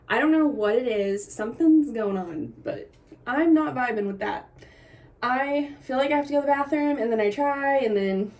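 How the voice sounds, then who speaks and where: A young woman vlogger talks to a camera on a tripod at home, giving a candid, chatty pregnancy update and laughing through her complaints while a little short of breath. Her voice is fairly high, animated and a little mellow, at a normal speed.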